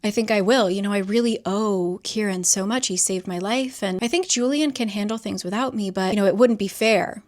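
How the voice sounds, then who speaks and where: A woman's voice: mid-range voice, a little fast, hardly any pauses, lightly acted. A woman voicing an earnest, frank young man who says whatever comes into his head, in a casual book recap. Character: charming, blunt young faerie-raised man.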